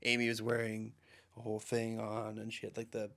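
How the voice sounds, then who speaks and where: A man's voice: lowish voice, monotone, brisk, creaky, fairly bright tone. A young man co-hosting a casual hockey podcast, laid-back and agreeable, laughing easily. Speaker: podcast co-host. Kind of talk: casual chat.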